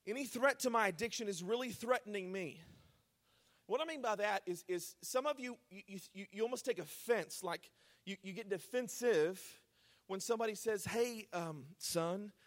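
A man pastor preaching a sermon, earnest, moving between hushed pleading and loud emphatic urging. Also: sits high, normal speed.

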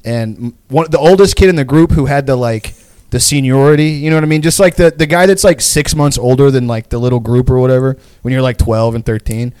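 A man's voice: medium pitch, fairly quick, a little mellow, clean tone, no room sound, studio quality. Rambling young man telling a story. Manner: rambling, lots of "like" fillers and profanity, laughs often. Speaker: podcast co-host. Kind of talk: casual storytelling chat.

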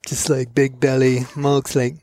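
A pro surfer from Florida hosts a podcast, casually telling stories with lots of laughter and animated, acted-out voices. His mid-range voice moves a little slowly, and the recording is dry.

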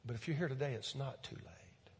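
A man preaching a sermon as pastor, earnest and pleading, repeating words, swelling loud and then dropping soft. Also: mid-range voice, animated, brisk, a little hiss or hum. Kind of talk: sermon with altar call. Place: church sanctuary. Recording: long church hall reverb with soft music.

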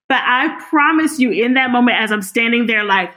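A woman's voice: a little high, unhurried, pauses often. A middle-aged woman telling her personal story in an interview, acting out the lines of the people she quotes. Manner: animated, acts out quoted dialogue.

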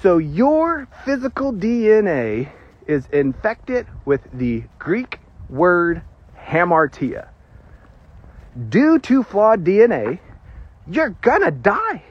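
Giggly guy preaching, high voice that swoops all over, kinda husky, muffled lo-fi sound. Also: slow. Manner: giggles often while preaching, animated. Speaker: pastor. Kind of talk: sermon. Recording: dull lo-fi recording.

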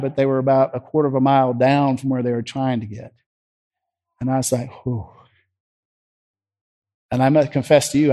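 A man's voice: medium pitch, a little mellow. A man preaching a sermon as vivid storytelling, acting out the scripture scenes as he tells them.

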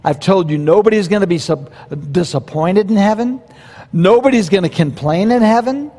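A pastor preaching a verse-by-verse sermon in a conversational, animated way, with quoted asides. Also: male voice, sits high, normal speed, big-room sound.

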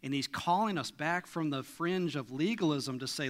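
A man's voice: fairly high pitch, moderate pace, few pauses. A middle-aged man preaching a sermon in a church, earnest and emphatic, pressing his listeners with questions. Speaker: pastor. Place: church sanctuary.

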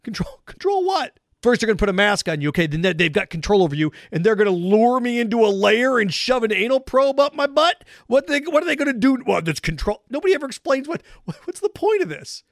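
A man with a high, bright voice hosts a sports talk monologue in a sarcastic, mocking tone. The sound is dry and close to the mic, with no room around it. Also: fast talker, few pauses, no echo. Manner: sarcastic, mocking, animated rants.

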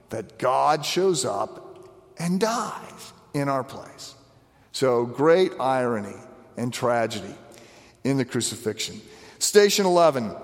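Animated preacher in a reverberant hall. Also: male voice, mid-range voice. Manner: conversational, animated, frequent restarts. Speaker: pastor. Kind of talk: sermon on the stations of the cross.

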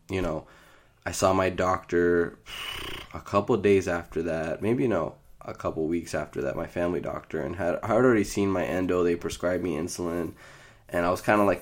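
A young man with a very low, deep voice tells a story in a loose, rambling podcast monologue. He jumps around, corrects himself and laughs along the way, relaxed and chatty. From Iraq. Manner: scattered, rambling, laughs through his story. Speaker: podcast host.

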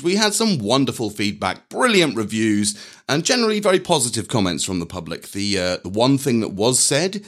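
A dry, mock-earnest male comedy host whose pitch rises and falls a lot as he talks. Faint music runs underneath his voice. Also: a bit bright. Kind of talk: comedy sketch show.

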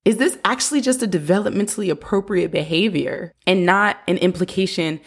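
A woman's voice: mid-range voice, fairly quick, slightly rough. A young adult woman hosting a parenting podcast, talking earnestly in a coaching way and sometimes acting out what a parent might say. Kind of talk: casual advice talk.

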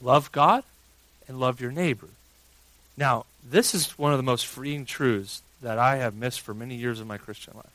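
A man in his thirties, a pastor preaching a sermon and telling a family story with big swings from hushed to loud. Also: mid-range voice, moderate pace, no echo, rough recording.

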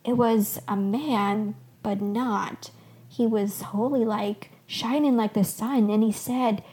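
A woman voicing an awed, bushy-bearded male shepherd who speaks slowly and reverently. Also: fairly high pitch, slightly rough. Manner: slow, hushed, reverent.

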